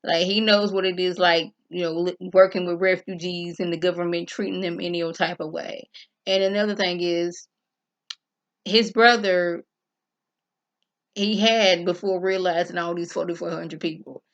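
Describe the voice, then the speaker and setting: A woman's voice: lowish voice, level tone, normal speed, lo-fi sound. A woman reviewing a TV episode in a casual, chatty vlog, talking straight to her viewers and acting out the characters' lines as she retells the scenes.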